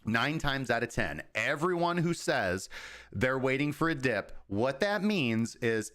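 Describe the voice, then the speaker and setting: A man's voice: mid-range voice, very animated, a bit bright. Casual man explaining crypto markets. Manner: informal, explains at length, acts out traders' thoughts in quick asides. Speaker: crypto market analyst, host. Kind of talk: casual livestream market commentary.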